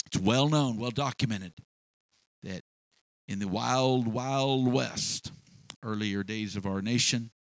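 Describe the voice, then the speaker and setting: A man's voice: a little high, a bit bright, dry recording, low-quality recording. A man preaching a sermon in a storytelling way, drawing out key words for emphasis and often restarting his phrases.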